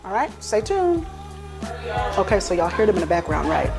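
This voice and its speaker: A woman's voice: medium pitch, sing-song, normal speed, vocal fry. Woman, middle-aged, cooking show host, chatty and teasing, home kitchen, music playing behind. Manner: chatty, playful teasing, addresses viewers as y'all. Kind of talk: casual cooking vlog. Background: music and family chatter.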